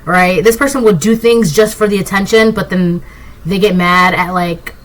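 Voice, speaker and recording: A woman's voice: medium pitch, normal speed, rough recording. Rambling woman reading tarot. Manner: rambling, digressive, excitable; keeps asking "right?". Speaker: tarot reader. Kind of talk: casual collective tarot reading.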